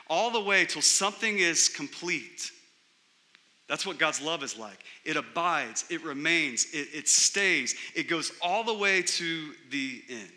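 A man pastor preaching a sermon, building his points through emphatic repetition and pauses. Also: fairly high pitch, pushed and bright. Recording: long hall reverb.

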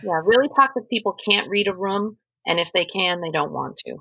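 A woman co-hosting a casual chat, speaking in a measured, agreeable and wry way. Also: lowish voice, lively intonation, vocal fry, breathy edge, dry recording. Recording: dull lo-fi sound.

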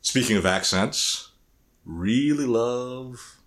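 A man's voice: mid-range voice, animated, takes it slowly, a bit bright. A middle-aged man co-hosting a podcast in casual chat, often repeating words and restarting phrases while he thinks. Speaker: podcast co-host.

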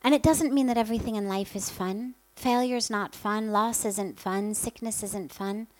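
A woman's voice: mid-range voice, steady tone, normal speed, dry recording, poor audio. A woman spiritual teacher giving an earnest talk, telling stories and stacking up lists. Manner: earnest, gentle storytelling with many lists.

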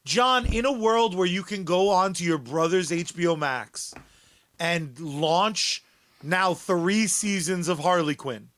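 Male podcast co-host, high voice, unhurried, sardonic and profane. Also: a bit bright. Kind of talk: casual podcast chat.

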